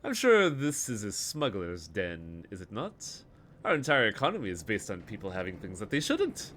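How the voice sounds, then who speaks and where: A man voicing a cultured, smooth-talking male Russian smuggler who is polite, measured and faintly menacing. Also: fairly low pitch, wildly swooping pitch, fairly bright tone. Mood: charming.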